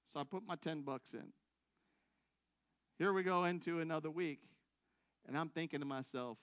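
A man with a high, bright, forceful voice preaches a testimony sermon from his own story. He is self-mocking and laughs as he goes, shifting from loud bursts to hushed asides. The sound is close and dry, with no room around it. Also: normal speed, long pauses, clear, resonant tone, no room sound. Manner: big swings between loud excited bursts and quiet low asides.

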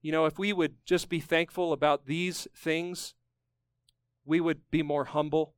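A man preaching a sermon, emphatic and fervent, climbing to strong peaks and dropping low to close each point. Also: flat delivery, a little slow, clean tone, dry recording. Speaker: pastor.

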